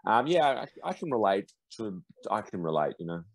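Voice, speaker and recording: A man with a fairly low voice talks at a moderate pace and sounds very animated. He's a guest commentator on a casual podcast, rambling with many restarts and repeated "yeah yeah" agreement. The recording is rough but has no echo.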